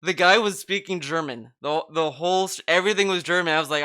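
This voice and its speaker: A podcast co-host chats casually and rambles, full of fillers and restarts. His voice is fairly high, fast, bright, and forceful, with a clear, resonant tone.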